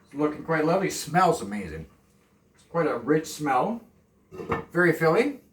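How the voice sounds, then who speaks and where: A man from Canada, chatting calmly and softly to the camera while cooking in his home kitchen, rambling off into asides. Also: a little high. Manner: deliberately soft and calm, rambling asides. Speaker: cooking vlogger. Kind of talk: casual cooking chat to camera. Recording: echoey kitchen, mic from far off.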